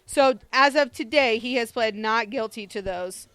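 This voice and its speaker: Woman radio cohost, bright clear voice, dry close sound, brushes off gossip. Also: a little high, moderate pace, no echo. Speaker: radio co-host reading news. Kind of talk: casual talk radio.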